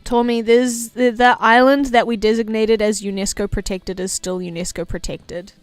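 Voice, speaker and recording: A young woman livestreamer chatting casually, playful and giggly, often trailing off into quiet mumbled asides. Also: a little high, steady tone, normal speed, clear, resonant tone, no room sound, faint music behind. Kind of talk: casual stream chat.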